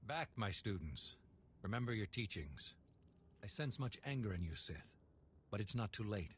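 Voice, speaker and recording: An actor playing a calm Jedi master who addresses his students in a measured way. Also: lowish voice, a little hiss or hum, natural voice. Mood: solemn. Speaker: game character.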